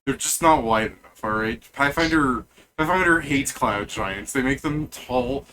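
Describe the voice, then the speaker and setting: A man running a tabletop game as game master, animated and often repeating himself. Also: mid-range voice, measured pace, a little hiss or hum.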